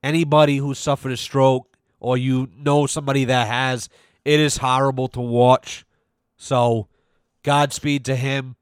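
A man hosting a podcast, ranting in a loose, profane, animated way about weddings and the summer heat. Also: mid-range voice, measured pace, clear, resonant tone, no room sound, studio quality. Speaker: podcast host. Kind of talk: casual rant.

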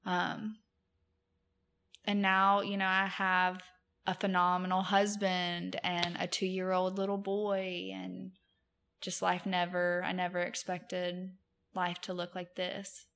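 A woman's voice: lowish voice, monotone, slow pace, creaky, a bit bright. A woman, telling stories as a podcast guest, chatty with many fillers and frequent laughs. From Mobile, Alabama, US. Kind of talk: casual chat.

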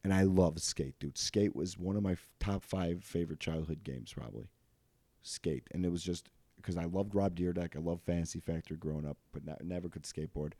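A man's voice: deep voice, fairly quick, dark tone, no room sound. A young man in his twenties hosting a comedy podcast, rambling casually with lots of fillers and self-deprecating jokes. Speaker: podcast host.

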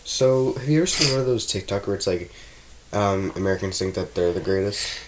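A man's voice: low voice, a little fast, noisy background. A man co-hosting a casual podcast chat, laid-back and laughing often, often trailing off mid-sentence. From Canada. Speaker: podcast co-host.

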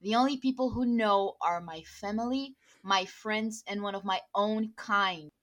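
A woman's voice: medium pitch, a little slow, a bit bright, close to an everyday voice. Woman playing a defiant half-elf dude in a tabletop game, stiff and clipped. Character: wary half-elf man, defiant toward his handler. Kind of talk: tabletop role-play.

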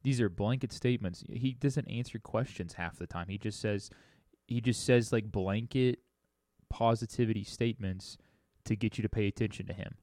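Low-voiced man, dry close sound. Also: moderate pace, warm tone, dry recording. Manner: opinionated, musing, lots of restarts. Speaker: podcast co-host. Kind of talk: casual recap chat.

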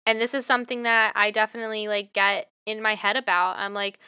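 A woman's voice: medium pitch, steady tone, fairly quick, few pauses, sharp tone, clean tone, no echo, clean studio sound. A young woman hosting a solo motivational podcast, talking bluntly and passionately and swearing freely. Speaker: podcast host.

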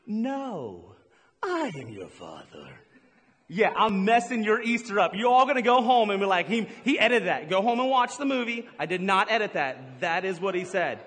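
Male pastor, high voice, jokey and teasing, live sermon in a reverberant hall. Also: fairly bright tone. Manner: playful, teasing the congregation with jokes and quick asides. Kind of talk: humorous sermon. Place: large church hall with a live congregation.

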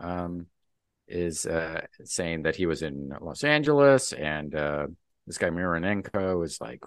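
Male podcast host, deep and animated, recaps comic plots in a dry, close sound. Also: unhurried, no echo. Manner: recaps the plot and acts out the dialogue. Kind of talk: casual comic book chat.

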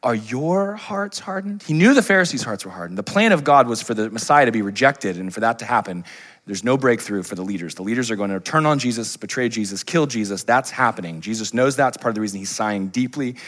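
Animated storytelling male pastor. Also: fairly low pitch, fast talker. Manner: lively storytelling, acts out Bible characters with humor. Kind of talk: sermon. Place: church.

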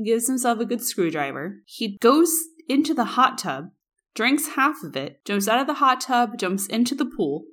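Young woman, podcast co-host, casual storytelling, animated, mid pitch. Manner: animated, acts out quotes.

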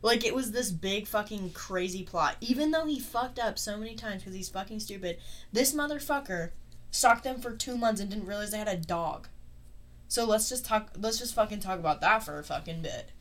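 This podcast host is a woman with a mid-range, animated voice at a normal pace. On her casual true-crime show she swears nonstop, mocks the killer, and laughs a lot.

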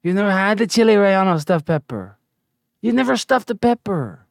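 A man's voice: high voice, lively intonation, a little fast, vocal fry, dry recording. Brash man on a dry, swaggering comedy rant. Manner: brash, swaggering, lapses into sing-song chanting and shouting. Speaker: comedy show host.

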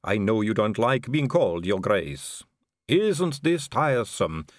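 A man's voice: lowish voice, big pitch swings, unhurried, no echo, studio quality. Refined vampire countess , as read by a man, gracious, teasing, musical lilt, storybook. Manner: polite, gracious, lightly teasing. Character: genteel female vampire aristocrat, middle-aged, poised.

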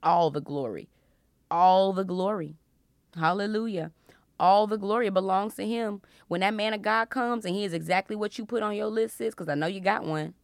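A young woman hosting a faith podcast, teaching from the Bible in a casual, playful way with frequent loud laughter. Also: mid-range voice, normal speed, creaky, dry recording, clean studio sound. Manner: animated, laughs loudly and often, playful preacher tone.

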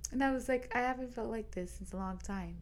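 A woman's voice: fairly high pitch, fairly quick. A young woman in her twenties, co-hosting a podcast and chatting casually as she tells a long dream story, quoting everyone with "I was like". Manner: retells a dream with lots of "I was like" quotes. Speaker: podcast co-host.

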